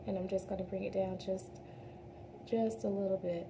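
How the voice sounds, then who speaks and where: A woman's voice: mid-range voice, flat delivery, moderate pace, vocal fry, noisy background. A woman doing a casual makeup tutorial at home, talking earnestly and rambling a little, calling her viewers "y'all". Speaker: beauty vlogger. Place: home, daylight from a window.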